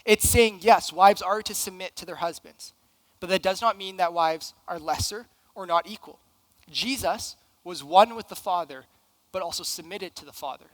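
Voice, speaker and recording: A man with a fairly high voice preaches to a young adult congregation, earnest and emphatic, leaning on rhetorical questions. The sound is dry and close, with little room echo. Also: moderate pace. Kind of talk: sermon.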